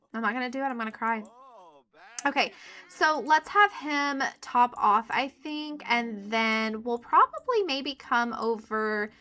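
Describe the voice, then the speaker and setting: A young woman gives a chatty let's play commentary, addressing viewers as she plays a life-sim game. Her voice is bright and fairly high, and her pitch leaps around as she reacts. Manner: chatty, excitable, talks to viewers. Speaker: gaming YouTuber.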